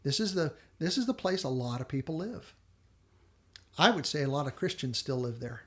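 A man co-hosting a podcast, casually retelling a TV episode in earnest storyteller fashion and quoting its dialogue softly. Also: medium pitch, big pitch swings, moderate pace. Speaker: podcast co-host.

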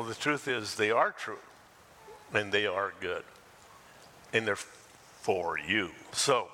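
An older man preaching as a pastor, telling scripture stories in an animated way. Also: medium pitch, a little hiss or hum. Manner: animated storytelling, acting out the scripture. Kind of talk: sermon. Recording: long hall reverb, faint ambience.

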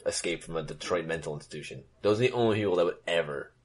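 A man's voice: deep voice, very fast. A man joining a casual sports chat with a jokey, exaggerating manner.

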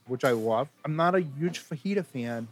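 A man's voice: mid-range voice, lively intonation, moderate pace, a little hiss or hum. Enthusiastic jokey male co-host. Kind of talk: casual chat.

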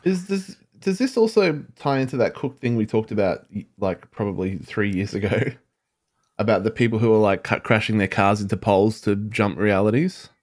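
A man's voice: lowish voice, normal speed, a little mellow. A man co-hosting a casual podcast chat, bantering bluntly and swearing freely. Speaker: podcast co-host.

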